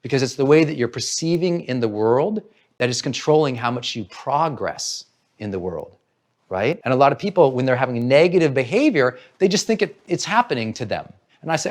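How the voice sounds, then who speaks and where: A man's voice: on the high side, animated, fairly quick, soft background music. A man giving an earnest motivational talk, coaching listeners and acting out their inner voices. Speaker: motivational speaker.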